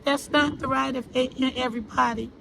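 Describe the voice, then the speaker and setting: A woman telling her own story to an interviewer in an earnest, halting way, repeating herself and restarting her sentences. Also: high voice, steady tone, vocal fry, noisy background. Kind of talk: personal account in an interview.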